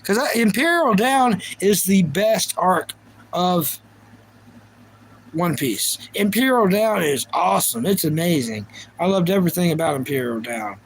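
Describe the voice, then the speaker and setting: A man's voice: high-pitched, animated, unhurried, a little hiss or hum, rough recording. A young man hosting a livestream, chatting casually and playfully about anime and reacting to his viewers. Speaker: livestream host.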